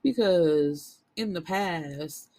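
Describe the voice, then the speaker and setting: A woman's voice: lowish voice, extremely slow, dark tone. Candid, chatty woman book reviewer. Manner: candid, chatty, blunt asides. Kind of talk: casual book recap.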